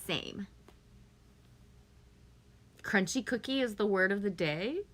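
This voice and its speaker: Stream host, woman, chatty and giggly, mid pitch, casual reading of viewer comments. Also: expressive, slow pace, fairly bright tone. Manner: chatty, laughs often, reads comments aloud. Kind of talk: casual live chat with viewers.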